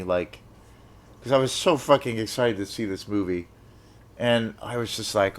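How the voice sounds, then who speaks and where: A young man telling a rambling, animated story in a casual vlog, swearing when he gets excited. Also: medium pitch, moderate pace. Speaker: film vlogger.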